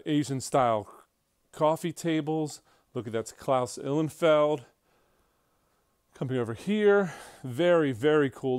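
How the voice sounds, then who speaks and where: A man strolls through a large auction showroom, pointing out pieces in a loose, chatty way, full of fillers and restarts. His voice is smooth and clear at a middle pitch. The sound is dry and close despite the big room. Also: darkish tone, no echo. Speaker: auction house staff giving a walkthrough. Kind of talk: casual walkthrough narration.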